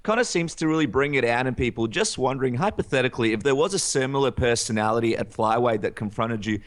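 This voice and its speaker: Polite radio co-host. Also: male voice, mid-range voice, fast. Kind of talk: interview questions.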